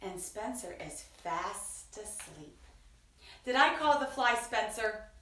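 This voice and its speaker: A woman reading a picture book aloud to children in a playful, sing-song way, dipping into soft whispers. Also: medium pitch, very animated, slow, recorded from a distance. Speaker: children's storyteller. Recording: roomy echo, voice from away from the mic.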